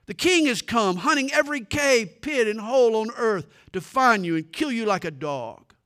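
A preacher voicing a fiery, reproachful warrior. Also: male voice, extremely high pitch, expressive, normal speed, sharp tone, pitched above the performer's own voice, exaggerated voice. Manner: heated, raised voice. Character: angry, reproachful male warrior.

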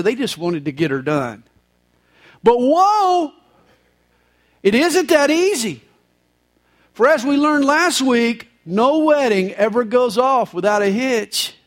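Punning pastor with a high voice. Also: male voice. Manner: folksy punning humor. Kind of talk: sermon. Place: church service, live.

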